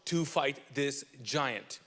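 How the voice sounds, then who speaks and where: A man's voice: mid-range voice, very slow, pushed and bright, big-room sound. A preacher doing a dismissive old king. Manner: dismissive, firm. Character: doubtful king, older man, dismissive.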